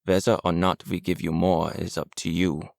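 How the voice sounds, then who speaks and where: Audiobook villain: a man playing a menacing German captor, thick accent, low gravelly growl, quiet and cold. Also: level tone, no room sound, studio quality. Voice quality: deep, gravelly. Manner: quiet, cold, measured threats.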